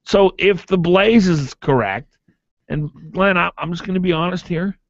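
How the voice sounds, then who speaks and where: A man's voice: high-pitched, normal speed, vocal fry, no room sound. A man hosting a morning talk radio show, arguing his opinions emphatically and reading ads. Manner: emphatic, animated, argumentative. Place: radio studio. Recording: dull, dry AM radio broadcast.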